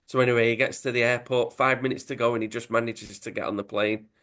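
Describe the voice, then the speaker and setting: Brief: male host, conversational, mid-pitched, narrating with energy. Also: quick pace. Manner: chatty, animated storytelling. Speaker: podcast host. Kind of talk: casual story retelling.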